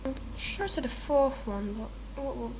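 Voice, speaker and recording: A woman chats through a homemade questionnaire, rambling and giggly, and keeps poking fun at herself. She pads her answers with many ums and uhs. Her voice sits a touch high for a woman, over a faint hiss. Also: moderate pace, a little mellow. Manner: rambling, giggly, self-mocking, lots of fillers. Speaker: video maker answering a meme questionnaire. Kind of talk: casual chat.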